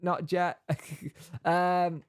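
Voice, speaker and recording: A man's voice: sits high, level tone, very slow, clear, resonant tone. A man hosting a casual live stream, greeting viewers by name and reading out news between chat.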